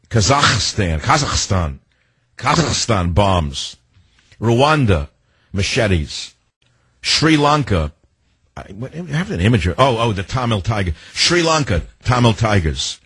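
Older male talk host, low husky voice, sardonic and rambling, dry booth sound. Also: sing-song, measured pace, a bit bright, no echo. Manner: rambling, sardonic, free-associating. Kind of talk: opinionated talk radio monologue.

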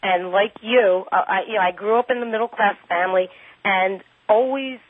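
A woman's voice: medium pitch, no room sound. Hesitant woman caller on a phone line. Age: 50s. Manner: hesitant, halting. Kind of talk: call-in radio chat.

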